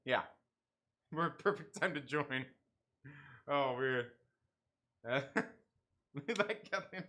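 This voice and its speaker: Bright-voiced, laughing livestream host. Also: male voice, fairly high pitch, animated, slow, a little hiss or hum. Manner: laughs often, banters and reacts to chat. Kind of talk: casual livestream chat reading comments.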